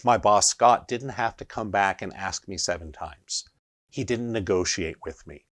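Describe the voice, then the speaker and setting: A man's voice: on the low side, unhurried, fairly bright tone, dry recording, clean studio sound. A man teaching energy healing in an emphatic instructional monologue, often checking in with a rhetorical "right?".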